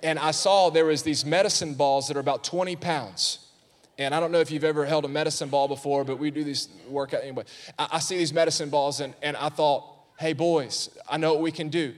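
A pastor in his thirties preaching a sermon, telling stories and rising to fervent shouts. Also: on the high side, fairly even intonation, fast. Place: church sanctuary. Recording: long hall reverb.

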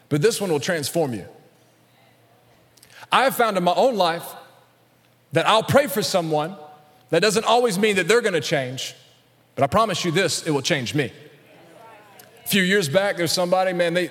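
A male pastor delivering a sermon in a big church hall, his voice ringing out with a long reverb tail. He speaks in a fairly high register and keeps calling out to the congregation. His delivery builds into loud, emphatic peaks. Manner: preaching with rising intensity, calling out to the congregation.

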